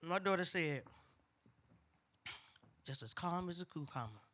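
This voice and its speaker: Performing for a live audience, an older woman recounts a family story with a lowish voice and a slightly slow delivery. The telling is casual and lively, with her acting out how various relatives sound.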